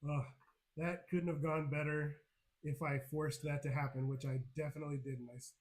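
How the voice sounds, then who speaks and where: Laughing, lively game master. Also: medium pitch, moderate pace, rough recording. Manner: laughs often, lively storytelling. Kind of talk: narrating a tabletop game on a live stream.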